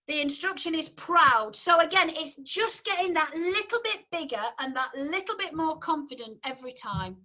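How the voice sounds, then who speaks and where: A woman with a Yorkshire accent coaching a choir. Her voice sits high and sounds bright and clear. She talks in a chatty, encouraging way, explaining things step by step. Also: animated, moderate pace, few pauses, dull audio. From Yorkshire, England. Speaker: choir leader. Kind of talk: online rehearsal instruction.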